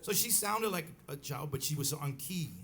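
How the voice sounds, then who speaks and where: A middle-aged bandleader telling a rambling story on stage at a live club, with many restarts and acted quotes. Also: male voice, fairly high pitch, lively intonation, moderate pace, gravelly, fairly bright tone. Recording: live club recording with faint crowd noise.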